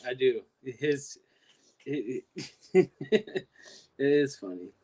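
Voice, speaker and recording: A man's voice: medium pitch, lively intonation, extremely slow, dark tone, husky. Guy guesting on a stream, mid voice, keeps restarting and repeating words. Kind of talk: casual chat.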